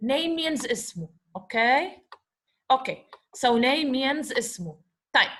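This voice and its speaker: A woman with a somewhat high voice teaches Arabic vocabulary in English. She walks through a dialogue, asks her class questions, answers them herself, and goes over each point twice. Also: big pitch swings, normal speed, a bit bright. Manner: talks to her class as guys. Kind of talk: explaining vocabulary from a lesson dialogue.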